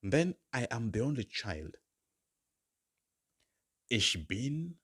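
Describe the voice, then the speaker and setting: A man teaching basic German phrases in a lesson, saying each phrase slowly several times and then giving the English meaning. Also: medium pitch, sing-song, fairly bright tone, husky. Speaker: German language tutor. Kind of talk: slow, repeated language lesson.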